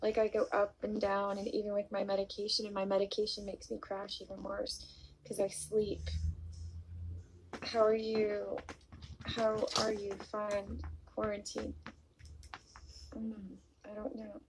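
A woman hosting a casual live stream on her vlog, greeting viewers by name and reading their comments aloud, speaking softly and apologetically about her mood disorder into a phone or webcam mic. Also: medium pitch, monotone, measured pace, long pauses, noisy background.

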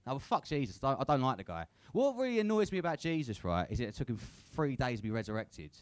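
A man's voice: medium pitch, big pitch swings, fast, no echo. A young man doing a crude, sweary stand-up set at a comedy club, tagging lines with "innit". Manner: crude, swears a lot, tag questions like "innit".

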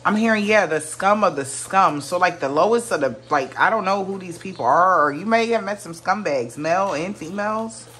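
A woman's voice: fairly low pitch, moderate pace, few pauses, a bit bright, slight background noise. A woman giving a casual tarot reading to her viewers, musing aloud, often exclaiming and trailing off mid-sentence. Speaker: tarot reader.

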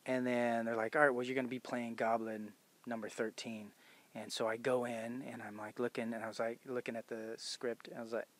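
A man's voice: medium pitch, fairly bright tone, dry recording. A man in his forties, a voice actor, telling stories in a convention interview and laughing often as he acts out quotes. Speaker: voice actor guest. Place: convention venue.

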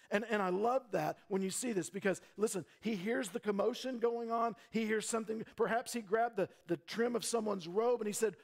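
A man's voice: high voice, normal speed. A man preaching a sermon as pastor, earnest, with frequent repeated words and rhetorical questions.

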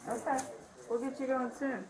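Brisk woman doctor giving instructions. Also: sits high, level tone, background noise. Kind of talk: clinical exam instructions.

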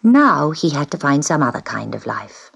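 A woman reading a children's storybook aloud in an expressive way, dipping into whispers on key words. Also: low-pitched, normal speed, vocal fry, breathy edge.

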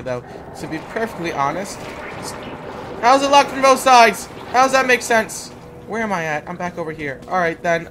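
A young man giving let's play commentary, jumpy and sarcastic, yelping when startled. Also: high-pitched. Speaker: gamer.

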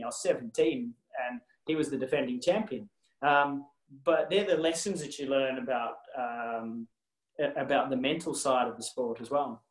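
Australian ex-athlete guest, lively anecdotes, restarts, roomy echo on a video call. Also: male voice, fairly high pitch. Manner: animated anecdotes with many restarts and laughs. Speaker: former tennis player, guest. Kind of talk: casual storytelling on a video call.

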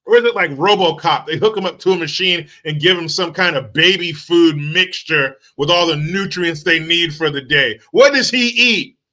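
A man's voice: on the high side, normal speed, few pauses, sharp tone. A man hosting his channel, giving a sarcastic, mocking and profane rant about a video clip. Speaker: channel host. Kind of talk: ranting commentary on a clip.

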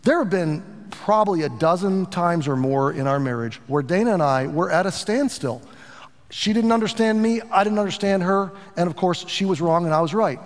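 A middle-aged pastor preaching a sermon in an earnest, animated way, with asides to his congregation. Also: high-pitched, normal speed, long reverb tail.

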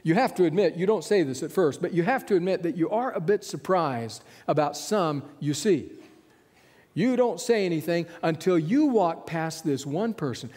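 A man's voice: fairly high pitch, lively intonation, normal speed, a little mellow, long reverb tail. A man preaching a sermon as a pastor, telling a vivid story and chuckling often.

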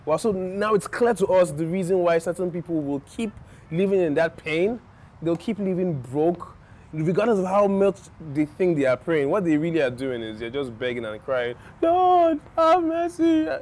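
Guy with a highish voice, amazed, going over what the preacher said. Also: normal speed, a little mellow. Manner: marveling, repeating exclamations. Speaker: host commenting on a sermon clip. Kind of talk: casual commentary.

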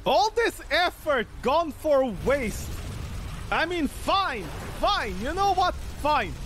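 A man's voice: extremely high pitch, very animated, takes it slowly, a bit bright, a little hiss or hum. A man streaming a video game, ranting angrily with a lot of swearing and repeating exasperated questions. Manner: angry swearing rant. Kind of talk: livestream gameplay commentary.

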